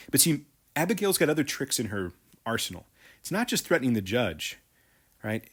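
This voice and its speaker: A man's voice: mid-range voice, big pitch swings, moderate pace, husky. Guy teacher going thru a play scene by scene, explainy, keeps asking "right?". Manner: explanatory, frequent tag questions. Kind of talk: literature lesson, reading and explaining a play.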